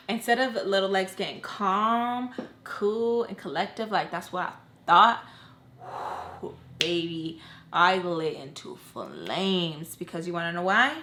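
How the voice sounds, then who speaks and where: A young woman vlogger tells a personal story in a loose, conversational way. She swings between hushed, hurt moments and loud, animated bursts, with plenty of slang and cursing. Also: on the low side, slow pace, echoey room. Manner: emotional, swings from quiet to loud. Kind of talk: casual storytime.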